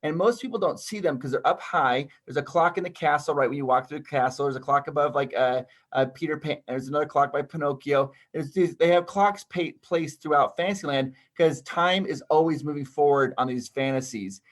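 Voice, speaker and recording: A man from Utah, a guest on a podcast, telling stories in a lively, casual way and laughing often. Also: a little high, fairly quick, few pauses. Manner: animated storyteller, laughs often.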